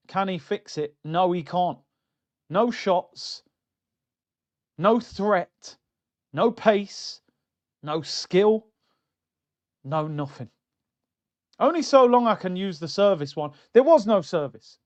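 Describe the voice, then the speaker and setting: A man hosting a football fan channel, ranting in a mocking, slangy, animated way. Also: a little high. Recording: dull lo-fi sound.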